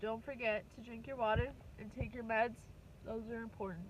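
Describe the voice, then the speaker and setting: A woman's voice: on the high side, fairly even intonation, dull audio, slight background noise. Upset young woman venting on a vlog. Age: 20s. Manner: rambling, halting and swearing. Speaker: vlogger.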